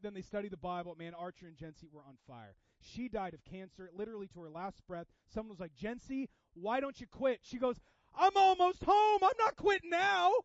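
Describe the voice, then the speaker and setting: A man preaching a sermon, swinging between loud emphatic bursts and quiet, intense passages. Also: high-pitched, no room sound, dull audio. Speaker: pastor.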